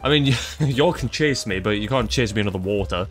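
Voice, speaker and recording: A man's voice: on the low side, expressive, a little fast, a bit bright, faint music behind. A young man giving playful let's-play commentary, joking, teasing enemies and repeating himself. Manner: jokey, laughs often, teases enemies, repeats phrases. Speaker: gaming streamer.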